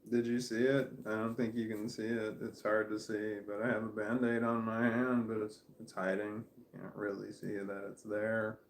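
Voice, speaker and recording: A man's voice: lowish voice, level tone, moderate pace, vocal fry, few pauses, a little hiss or hum. Rambling man in an echoey room. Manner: candid, wandering, self-deprecating, often trailing off. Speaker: vlogger. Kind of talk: casual rambling monologue to camera. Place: at home in a room, with a puppy in his lap. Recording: roomy echo.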